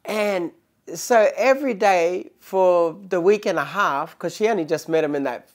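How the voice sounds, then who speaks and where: A man, a comedian guest telling stories in casual chat, animated and laughing often. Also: high voice, normal speed.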